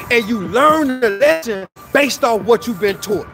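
High-pitched preachy man streaming outdoors. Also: lively intonation, measured pace, creaky. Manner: preachy, repetitive, slips into sing-song. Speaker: motivational streamer. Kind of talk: preachy motivational livestream rant. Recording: music playing loud in the background.

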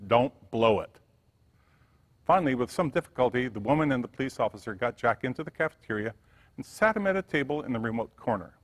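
A male pastor reading a story aloud in a sermon with expressive storytelling. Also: mid-range voice, fast. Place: church sanctuary. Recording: church hall reverb.

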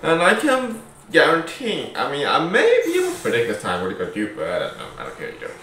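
Rapid-fire and a bit bright, this man's fairly low voice swings hugely in pitch as he rambles through a casual let's-play, joking and correcting himself. He's a gaming YouTuber captured on a distant mic, leaving the sound very echoey with a little faint noise.

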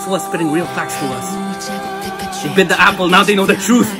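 An excitable music video reactor talking casually, saying "y'all" constantly and laughing often, sweaty and teary. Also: mid-range voice, a little fast. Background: music video playing.

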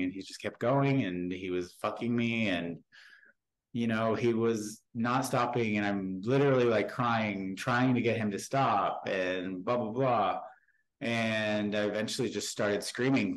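A man in his thirties, a podcast guest, frankly telling a personal story in a halting way with many restarts. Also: fairly low pitch, low-quality recording. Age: 30s.

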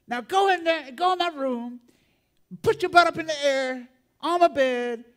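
A man preaching voices a stern but loving grandmother who scolds her little grandson in a sharp, commanding voice. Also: sits high, measured pace, voice pushed up. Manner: sharp commanding voice, rising to an impassioned shout.

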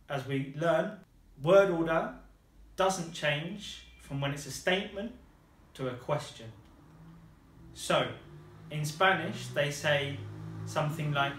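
A man's voice: fairly high pitch, fairly bright tone. Encouraging male language teacher, echoey room. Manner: patient, encouraging, models phrases slowly and praises each answer. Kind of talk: guided lesson with a student.

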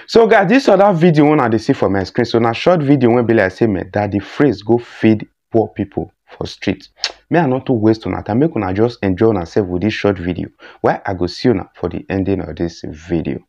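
A man with a Nigerian accent runs a casual commentary vlog and keeps checking in with his viewers. His voice is dark and mellow, and the recording sounds dull and lo-fi. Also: on the low side, expressive, fairly quick, creaky. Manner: chatty, often asks "you understand?". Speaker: news commentary vlogger.

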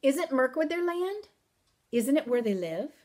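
A woman reading aloud as a stubborn, indignant peasant girl, speaking emphatically and louder than her narration. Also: sits high, sing-song, unhurried, a little hiss or hum, pitched above the performer's own voice. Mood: defiant. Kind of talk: audiobook reading.

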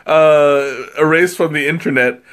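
A man's voice: fairly high pitch, steady tone, measured pace, fairly bright tone. A man tasting tea on a live stream in casual, rambling chat. He giggles often, mocks himself and has a runny nose from spicy tea. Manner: giggly, rambling and self-mocking.

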